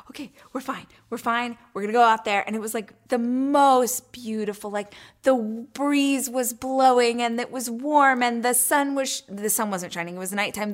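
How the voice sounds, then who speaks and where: A woman hosting her own weekly show, telling a story in a chatty, animated way, full of "like" and acting out her own thoughts in whispers and squeals. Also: a little high. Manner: chatty, lots of "like". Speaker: show host. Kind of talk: casual storytelling chat.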